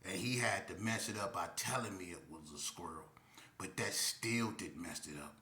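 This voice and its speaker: Guy telling a funny story, slangy and animated, bright sharp voice, echoey room. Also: low-pitched, normal speed. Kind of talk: casual comic storytelling.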